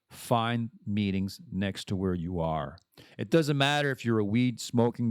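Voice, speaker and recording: A man's voice: on the low side, no room sound, studio quality. A man hosting a podcast, talking candidly and in a rambling way about recovery. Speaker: podcast host. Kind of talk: casual monologue.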